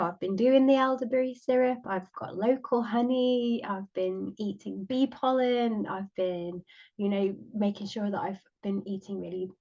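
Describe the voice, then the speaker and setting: A woman hosting a solo podcast, sniffly and croaky from a cold, talking gently and rambling with plenty of ums. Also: mid-range voice, lo-fi sound. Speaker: podcast host. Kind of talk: casual solo podcast talk.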